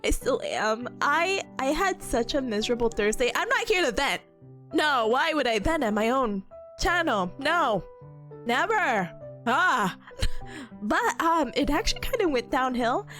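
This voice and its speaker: A woman streamer chatting casually, her voice a little sick and hoarse, animated and laughing often. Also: high-pitched, unhurried, faint music behind. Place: small rented room indoors. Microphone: streaming setup with headphones on.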